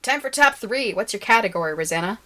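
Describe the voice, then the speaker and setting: A woman's voice: medium pitch, lively intonation, fast, sharp tone, soft background music. Dry, teasing American woman. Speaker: podcast co-host. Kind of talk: casual chat.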